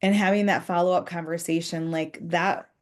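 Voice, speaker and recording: A woman's voice: on the low side, fairly even intonation, normal speed. A woman giving a conversational professional development talk to school leaders, earnest, acting out short example dialogues.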